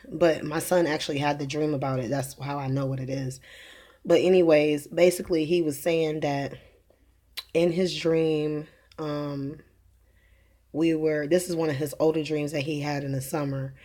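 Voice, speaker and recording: A young woman, a religious vlogger, preaches casually about faith and her children's dreams, rambling with fillers, restarts and laughter at her own jokes. Her deep, slightly mellow voice holds a steady tone at a moderate pace.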